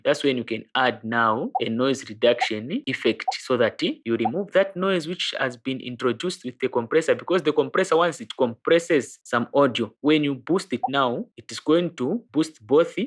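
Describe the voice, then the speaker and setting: Casting note: a man in a medium register who walks through a software tutorial step by step, plain and informal. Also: medium pitch. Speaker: music production tutor. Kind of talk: screen-recorded software tutorial.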